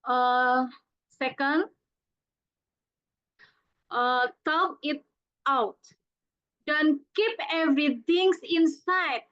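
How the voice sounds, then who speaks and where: A woman with an Indonesian accent speaks slowly in a high voice, hesitating often. She presents over a video call with dull, lo-fi audio. She sounds like a learner working through a second language. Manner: hesitant, many fillers. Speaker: student presenter.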